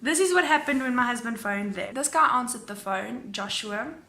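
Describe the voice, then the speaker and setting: A woman vlogger telling a storytime in a lively way, acting out both sides of phone calls. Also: a little high, moderate pace, roomy sound. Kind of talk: storytime vlog.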